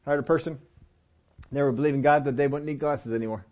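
A middle-aged man preaching a sermon, telling personal stories in a relaxed, conversational way and often rising in pitch to press a point. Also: fast, highs cut off. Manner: conversational storytelling with lively pitch swings and laughs. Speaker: pastor.

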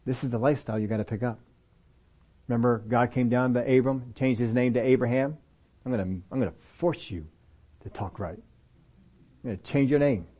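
Male preacher, animated, acting out voices. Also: medium pitch, brisk, long pauses. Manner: animated, acts out dialogue voices. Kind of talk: sermon. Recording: dull, lo-fi audio recording.

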